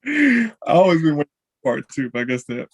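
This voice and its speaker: A man hosting a casual celebrity chat show, talking in an animated way and leaping high in pitch when excited. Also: fairly quick, slightly rough. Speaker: show host.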